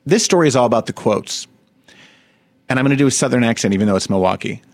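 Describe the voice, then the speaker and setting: A man's voice: medium pitch, animated, quick pace, dry recording. A man co-hosting a podcast, reading odd news stories aloud with laughing, joking asides. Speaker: podcast co-host. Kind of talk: casual comedic news chat.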